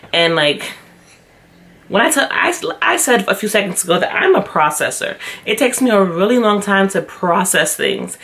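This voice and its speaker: A young woman recounts a personal story in a casual vlog, mid-pitched and chatty. She leans on fillers and slips into the voices of the people she quotes. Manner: animated retelling, acting out others' lines. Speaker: vlogger.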